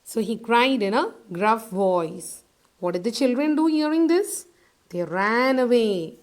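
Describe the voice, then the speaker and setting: A woman teacher explaining a story to a class, asking questions and answering them herself, repeating key words slowly. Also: on the high side, lively intonation. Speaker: English teacher.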